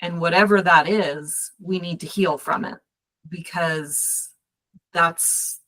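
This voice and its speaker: Woman coach-host, low voice, slow and affirming, reflective tone. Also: steady tone, fairly bright tone, rough recording. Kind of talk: casual interview talk.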